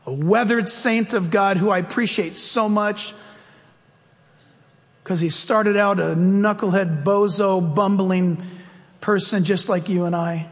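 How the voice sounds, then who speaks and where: A pastor delivering a sermon in a church, his fairly high voice carrying through a long, ringing hall reverb. He preaches in an animated, storytelling way, jumping up and down in pitch as he acts out his points. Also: takes it slowly.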